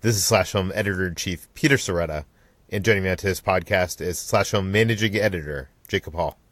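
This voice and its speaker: A man hosting a casual podcast, talking in a relaxed, conversational way with plenty of fillers. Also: low-pitched, fast, no room sound. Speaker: podcast host.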